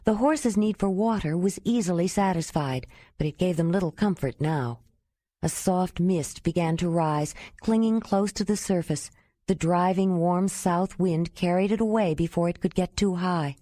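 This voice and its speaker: A woman reading a novel aloud as an audiobook narrator, measured and even. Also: fairly low pitch, dry recording. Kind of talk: scripted narration.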